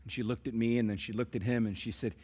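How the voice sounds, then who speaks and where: A man's voice: mid-range voice, fairly even intonation, fast talker, mellow, husky. A man preaching a sermon as pastor, telling stories and calling out to his congregation for responses. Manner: storytelling preacher who calls out to the congregation.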